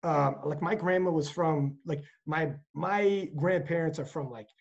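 A man with a New Jersey accent hosting a podcast, talking in an animated, profane way and acting out quotes. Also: fairly high pitch, measured pace, creaky, highs cut off. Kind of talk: casual chat.

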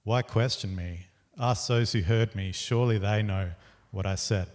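A man reading as a calm, firm teacher. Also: fairly low pitch, moderate pace, long reverb tail, lightly acted. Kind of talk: scripture reading aloud.

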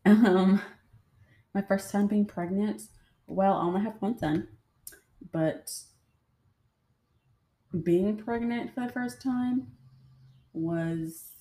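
A woman's voice: medium pitch, mellow. A woman host telling personal stories in a casual, chatty way, speaking straight to her listeners. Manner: chatty, addresses listeners directly. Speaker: podcast host. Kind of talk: casual storytelling. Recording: roomy echo.

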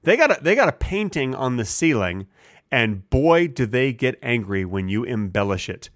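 A man of middle pitch co-hosts a comedy podcast, carrying absurd tangents with a deadpan delivery. He slips into goofy voices whenever he quotes someone. His voice sits close and dry on the mic. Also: normal speed, no echo. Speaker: podcast co-host.

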